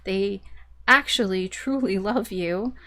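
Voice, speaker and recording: A woman doing a casual tarot reading, chatty and animated, who laughs often and swears casually. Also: mid-range voice, takes it slowly. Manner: animated storytelling. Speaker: tarot reader.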